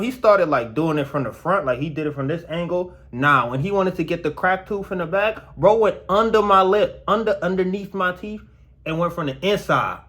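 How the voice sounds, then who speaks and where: A young man vlogging casually to his viewers about his dental work, slangy and animated, his mouth still sore. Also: sits high. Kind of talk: casual storytelling vlog.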